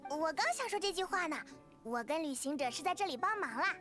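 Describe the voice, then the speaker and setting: A woman voicing a small, chatty, floating fairy companion in game dialogue, with an excitable, chattering delivery. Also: very high-pitched, fast, soft background music.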